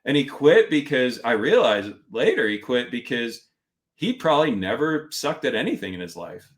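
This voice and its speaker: A middle-aged man telling a story in casual interview talk. His voice sits at an ordinary pitch for a man, and he slips into the quoted lines of other people with plenty of energy. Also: normal speed. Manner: animated, acts out instructors' lines in quotes. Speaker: podcast guest.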